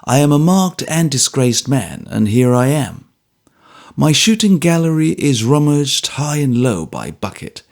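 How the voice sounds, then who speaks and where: A man's voice: medium pitch, unhurried, vocal fry. A man reading a bluff, stubborn old trooper. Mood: firm, polite. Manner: steady, polite, stubborn. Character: bluff good-humoured ex-soldier, man, middle-aged. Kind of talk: audiobook character reading.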